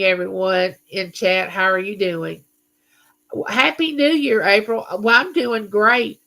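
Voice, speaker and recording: A woman's voice: mid-range voice, sharp tone. A middle-aged woman hosting a live chat, greeting viewers and reading their comments aloud. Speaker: livestream host.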